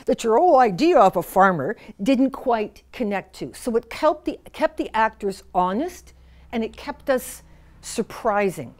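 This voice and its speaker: Canadian woman in her sixties, playwright on stage, wry storytelling, self-mocking asides, fairly high voice. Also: darkish tone. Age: 60s. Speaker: playwright and actor giving a talk. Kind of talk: live talk to an audience, storytelling. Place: theatre festival venue with an audience.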